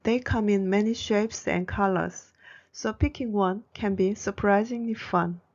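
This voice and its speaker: A woman's voice: mid-range voice, fairly even intonation, unhurried, darkish tone, highs cut off. Woman narrating a culture explainer. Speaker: Korean language educator. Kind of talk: scripted narration.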